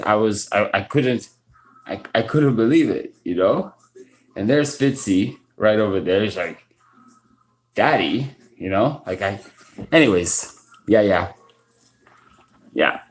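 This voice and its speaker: A man in his thirties tells rambling stories on a casual live stream. His voice sits a little low, and he talks unhurriedly. He keeps restarting his sentences and checking in with "right?" and "you know?". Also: low-quality recording. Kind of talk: casual storytelling monologue. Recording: informal live stream audio.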